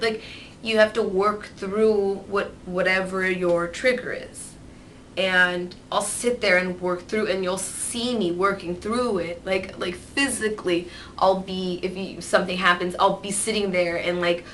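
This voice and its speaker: A woman vlogging candidly, rambling and swearing freely, turning lively when she mimics others. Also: medium pitch, normal speed, a little hiss or hum, low-quality recording. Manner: animated, mimics voices in quotes. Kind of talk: candid personal vlog.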